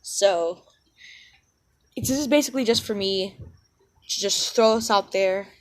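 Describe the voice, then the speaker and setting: A woman's voice: mid-range voice, a little slow. A woman in a casual vlog, rambling and self-deprecating, full of ums and side-tracks, talking into a cheap headset mic. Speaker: channel owner.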